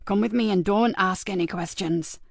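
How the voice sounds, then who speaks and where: A woman's voice: normal speed, creaky, dry recording, clean studio sound. A woman voicing a hard, impatient older teenage boy in an audiobook. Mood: menacing. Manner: low, clipped and menacing.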